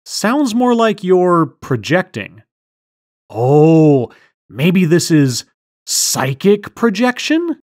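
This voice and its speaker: Low, lively-pitched, sardonic woman. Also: very slow, no echo. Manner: theatrical, dry and sardonic. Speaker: host. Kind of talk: mock mind-reader comedy skit.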